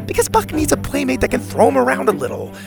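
A man voicing an excitable young girl camper who talks in rapid, breathless bursts. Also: very high voice, creaky, music in the background, pitched above the performer's own voice, full character voice. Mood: excited.

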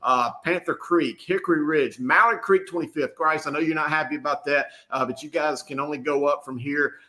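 A man, rattling off high school football rankings with energy as the show's analyst. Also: fairly quick. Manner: energetic, rattles off team names. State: out of breath. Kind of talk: excited sports talk.

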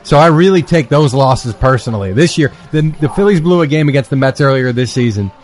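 A man chatting as a podcast guest in a bar, telling stories in a relaxed, self-deprecating way. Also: mid-range voice, a little fast. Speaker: podcast guest, football reporter. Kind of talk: casual chat.

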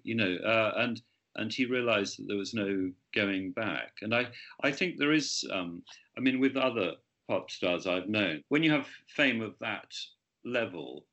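A man's voice: fairly low pitch, moderate pace, a bit bright, dull audio. A man, an author, talking about his book in an interview, hesitant with many restarts.

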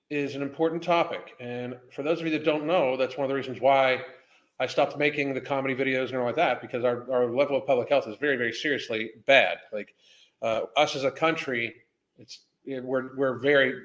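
A man's voice: medium pitch, steady tone, normal speed, fairly bright tone. A man hosting a casual livestream as a health coach, rambling, swearing and greeting viewers by name.

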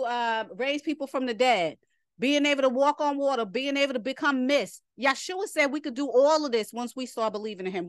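A woman's voice: high voice, no room sound, studio quality. A woman leading a Sabbath Bible lesson, reading verses aloud and breaking off to comment in an emphatic, scolding, rhetorical way. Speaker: Bible study teacher.

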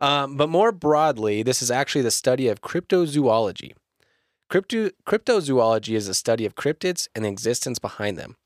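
A man co-hosting a podcast among friends, loose and profane, laughing easily. His pitch jumps around a lot. The sound is dry and close. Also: very animated, fairly quick, dry recording. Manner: swearing, laughing, playful. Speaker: podcast co-host leading the episode. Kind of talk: casual podcast chat.

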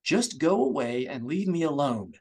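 A man's voice: medium pitch, expressive, moderate pace, darkish tone, breathy edge. Dude doing a jumpy young thief guy, growly and harsh, storybook read. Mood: irritated. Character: nervous, surly young male data thief.

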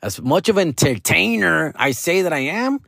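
A young man with a Chicano accent, switching into Mexican Spanish slang as he vlogs to viewers, profane and animated. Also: fairly high pitch, normal speed, vocal fry, slightly rough, dry recording, studio quality. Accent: Chicano, English mixed with Mexican Spanish slang. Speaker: vlogger taking acting classes. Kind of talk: casual monologue to viewers. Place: small dim room with a lamp.

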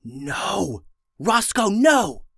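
A frantic young boy with an urgent, hushed way of pleading, as a male storyteller puts him on. His voice sits well above a man's usual pitch. The sound is dry and close. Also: very animated, extremely slow, creaky, breathy edge, no room sound, heavily acted.

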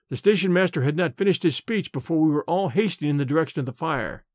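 A man narrating a classic story in a measured, expressive audiobook style. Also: fairly high pitch, dry recording, studio quality.

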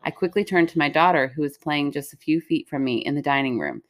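A woman's voice: low-pitched, fast. A woman co-hosting a casual chat, reading listener stories aloud in a playful, dramatic way. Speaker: podcast co-host reading stories.

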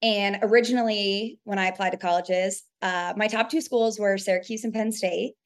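Young woman from New York, chatty storyteller, mid-pitched voice, casual interview guest. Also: steady tone, moderate pace. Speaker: radio producer and host.

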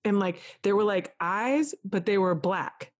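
A woman's voice: mid-range voice, a little slow. A young woman candidly retelling a personal story as a podcast guest, acting out what others said to her. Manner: candid, vivid retelling with quoted dialogue.

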